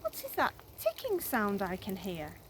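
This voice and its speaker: A woman's voice: medium pitch, wildly swooping pitch, unhurried, slight background noise. A woman voicing an earnest, determined young boy in a storybook reading. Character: polite, determined young boy named Jeremiah.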